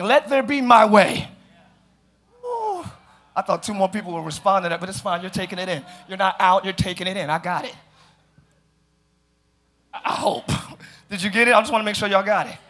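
A pastor preaching a sermon to his congregation, calling out questions to the crowd and building from calm teaching to shouted, half-sung passages. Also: high-pitched. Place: large church.

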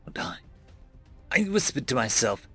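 A man narrating a web serial in first person, dramatic and expressive, dropping to a hush at pauses. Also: mid-range voice, breathy edge, soft background music. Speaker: audiobook narrator.

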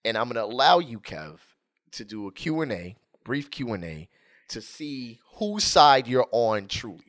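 A man co-hosting a podcast, telling a comic story in a casual, animated way. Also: medium pitch. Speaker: podcast co-host. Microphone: headphones and studio microphone.

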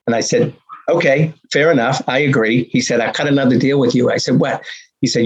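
Husky older man telling stories. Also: mid-range voice, normal speed. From Boston area, USA. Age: 60s. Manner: acts out dialogue, punchy repetitions. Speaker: guest telling his life story. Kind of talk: animated storytelling. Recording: dull lo-fi recording.

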